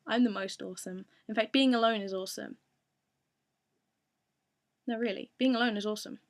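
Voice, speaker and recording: A cocky young man brags about himself with smug self-satisfaction, as a woman plays him. His voice has a gravelly fry and sits close to her normal speaking tone. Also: medium pitch, fairly even intonation, fairly quick, close to an everyday voice. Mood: boastful. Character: boastful, arrogant young man.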